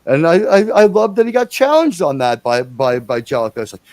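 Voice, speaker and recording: A man's voice: fairly high pitch, sing-song, fairly quick, darkish tone, no room sound. A man hosting a casual livestream, rambling and chatty, with enthusiastic, profane asides. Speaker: livestream host.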